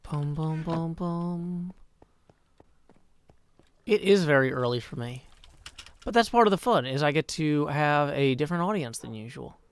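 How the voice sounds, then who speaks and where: Here the streamer, a man in his thirties, talks briskly in a fairly high voice with lively intonation, and the sound is clear and resonant with no echo. He chats wryly with viewers during a casual gaming livestream, reading chat aloud and muttering to himself while playing.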